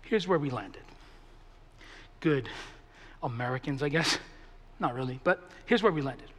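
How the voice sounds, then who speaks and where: A man preaching a sermon to a large congregation, animated and joking, acting out both sides of a debate. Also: medium pitch, measured pace, in a large hall. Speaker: pastor. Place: large church hall with a big congregation.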